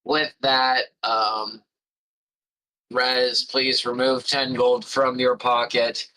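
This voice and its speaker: A man running a tabletop game as game master, describing the scene in an unhurried, musing way with frequent fillers. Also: mid-range voice, level tone, sharp tone, poor audio.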